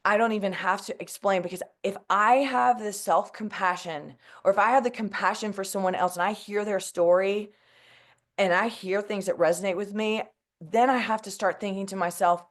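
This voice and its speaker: A woman's voice: mid-range voice, steady tone, normal speed. Emotional woman sharing earnestly. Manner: earnest and emotional, many fillers like "like" and "you know". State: emotional, close to tears. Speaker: mental health advocate. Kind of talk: heartfelt personal talk to an audience.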